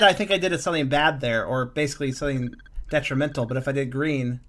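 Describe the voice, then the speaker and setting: A man's voice: mid-range voice, fast, a bit bright. A man streaming a game, reading its text aloud and breaking off with surprised reactions.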